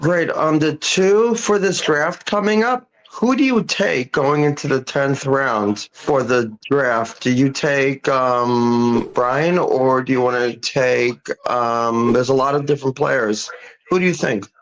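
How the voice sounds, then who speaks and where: A man doing a slow, rambling confused caller. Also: mid-range voice, a bit bright, rough recording. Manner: halting, forgetful, full of ums.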